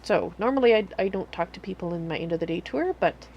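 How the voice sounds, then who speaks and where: A woman's voice: fairly low pitch, expressive, quick pace, highs cut off, slight background noise. A woman streaming a game live, chatting casually and rambling with self-corrections. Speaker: livestreamer. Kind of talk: casual livestream commentary.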